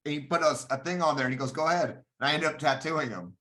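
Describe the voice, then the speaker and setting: A man's voice: a little high, fast talker, bright, forceful tone. A man, a comedian, chatting casually and telling rambling anecdotes with frequent restarts. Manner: rambling anecdotes with repeated starts. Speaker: comedian guest. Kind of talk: casual storytelling chat.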